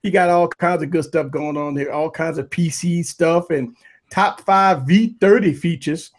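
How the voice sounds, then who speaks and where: A man hosting a live tech talk stream, giving loud shout-outs to viewers and panelists in casual, hyped chat. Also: fairly high pitch, unhurried. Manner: hype, repetitive shout-outs, animated. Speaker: livestream tech show host.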